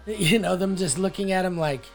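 A man's voice: high voice, moderate pace, over music. A man co-hosting a casual film review chat, rambling and filling his talk with likes and ums.

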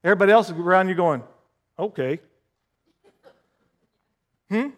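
A man preaching a sermon, telling stories with emphatic repetition and rising to forceful exclamations. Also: a little high, normal speed. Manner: animated storytelling, emphatic repetition. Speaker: pastor.

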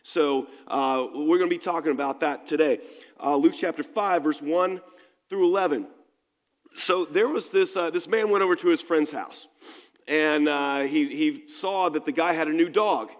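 A man's voice: fairly high pitch, normal speed. A man preaching a sermon in a conversational, storytelling manner, with frequent restarts. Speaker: pastor. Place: church sanctuary. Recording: long reverb of a church hall.

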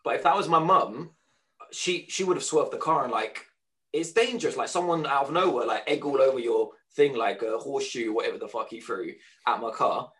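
A man on a casual podcast, telling an animated anecdote at speed, stumbling over restarts. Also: medium pitch, a little fast. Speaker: podcast co-host. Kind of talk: casual storytelling chat.

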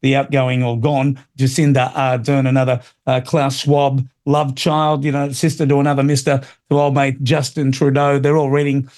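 An Australian man in middle age runs a talk radio show. He holds forth in an opinionated, rambling way, with plenty of fillers and restarts, and his voice sits at an ordinary mid pitch. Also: level tone, normal speed, few pauses, darkish tone.

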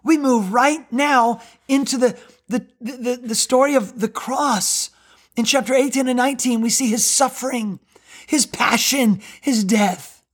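A woman giving earnest, emphatic Bible teaching on a podcast, slowing down to read scripture aloud. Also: fairly high pitch, husky.

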